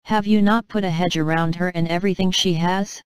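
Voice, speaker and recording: Sly malicious male accuser, low-voiced, smooth, storybook enemy, read by a woman. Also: steady tone, brisk, no room sound, natural voice. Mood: scheming.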